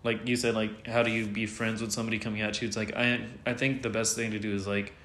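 A man's voice: fairly low pitch, flat delivery, fast, a bit bright, slight background noise. A man speaking candidly as an interview guest, rambling with lots of fillers and some swearing. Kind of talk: candid casual conversation. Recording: roomy echo.

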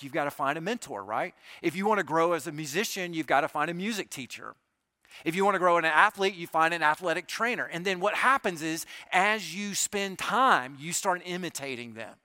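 A pastor giving a conversational sermon, often asking the congregation rhetorical questions. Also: male voice, a little high, pushed and bright, no echo, clean studio sound.

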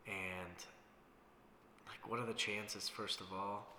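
A man with a bright, forceful voice talks through a casual solo podcast. He rambles and reflects, with plenty of filler words and frequent swearing. His voice rings in a reverberant room with a long tail and faint hiss underneath. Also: on the low side, steady tone, slow pace. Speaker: podcast host. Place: room in Las Vegas.

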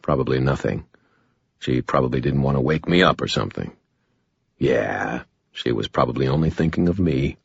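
A man narrating a first-person audiobook in a wry, deadpan way. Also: very deep voice, normal speed, creaky, husky, no echo, lo-fi sound.

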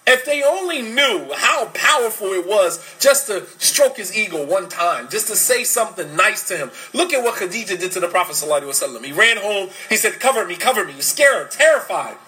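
An Islamic lecturer gives an emphatic talk on parenting, packed with rhetorical questions, and switches into fast Arabic recitation. His high-pitched voice is bright and pushed with lively intonation, though the recording quality is low.

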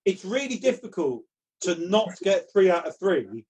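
A man's voice: sits high, big pitch swings, moderate pace, darkish tone, slightly rough. A man hosting a comedy quiz over a video call, reading out answers with playful mock drama. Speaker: quiz host.

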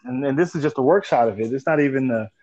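A man in his forties hosting a casual chat, telling animated stories, laughing often and swearing casually. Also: mid-range voice, fast talker, dry recording. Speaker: podcast host. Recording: dull lo-fi dry sound.

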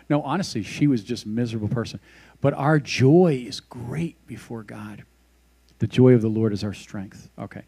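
Conversational man preaching, mellow voice. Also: mid-range voice, vocal fry, slightly rough. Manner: conversational, with prayer and scripture reading. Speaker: pastor. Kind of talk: casual devotional sermon.

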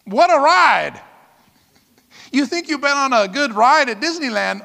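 A man's voice: very high voice, sing-song, unhurried, gravelly, long pauses, pushed and bright, long reverb tail. A man preaching a sermon as pastor, reading scripture aloud and breaking into whoops and laughter. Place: church.

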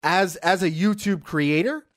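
A co-host in a casual film review chat, animated and emphatic, swearing freely. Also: mid-range voice, a little slow.

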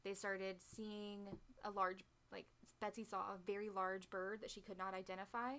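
A chatty woman tells a spooky history story in a relaxed, conversational podcast style. She drops in wry jokes and fillers like "um" and "like" as she goes. Her voice sits at an ordinary middle pitch. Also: normal speed. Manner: chatty, joking asides, frequent "um" and "like". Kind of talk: casual chat, storytelling.

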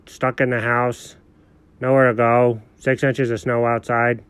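A man voicing a goofy, gullible male house dog who talks slowly to himself. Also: mid-range voice, level tone, fairly bright tone, smooth, dry recording, natural voice. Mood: dopey. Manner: slow, dopey and self-talking.

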